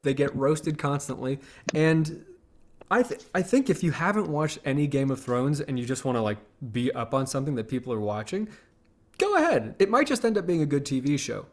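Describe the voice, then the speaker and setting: A man co-hosting a podcast in casual chat, wry and halting, with frequent restarts. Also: mid-range voice, lively intonation, a little mellow. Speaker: podcast co-host.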